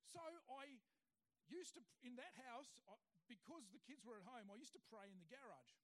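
Man, middle-aged, very high-pitched voice, testimony to an audience, animated anecdote. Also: moderate pace. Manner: animated storyteller who acts out the people he quotes. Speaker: speaker sharing a personal testimony.

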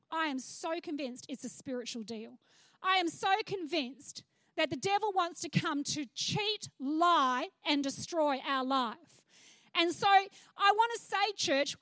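Preaching from a church stage, this Australian pastor has a very high, fairly bright voice, captured dry and close without any room echo. Her sermon is chatty and frank, punctuated by asides.

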